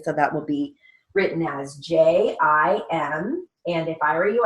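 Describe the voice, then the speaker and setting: A woman's voice: deep voice, fairly bright tone. A woman teaching a steno theory lesson, patiently spelling out words letter by letter and checking in with "okay?". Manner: slow, patient, letter-by-letter dictation with frequent "okay?" check-ins.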